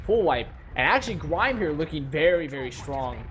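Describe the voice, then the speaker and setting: Man on color commentary, a touch high, rambling analysis with playful mock despair, light hiss. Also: sing-song, normal speed, fairly bright tone. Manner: rambling, self-correcting, given to mock despair. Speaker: esports color caster.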